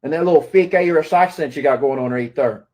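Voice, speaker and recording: A man's voice: a little high, brisk, darkish tone. A man ranting at his critics, scolding and taunting them and often asking "right?". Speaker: commentator. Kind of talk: confrontational rant to camera.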